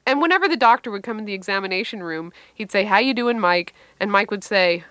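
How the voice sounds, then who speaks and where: A middle-aged woman comedian telling a wry, animated story from her life and answering interview questions. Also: medium pitch, fairly quick, few pauses, no echo.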